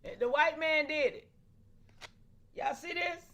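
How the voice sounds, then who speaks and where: High-voiced woman live-streaming to her chat. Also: unhurried. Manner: animated, calls out to viewers, laughs often.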